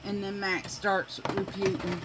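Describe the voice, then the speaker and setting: A woman's voice: medium pitch, little pitch movement, unhurried, noisy background. A woman telling rambling stories while doing her makeup at home. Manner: chatty, rambling, with many fillers. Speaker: makeup vlogger.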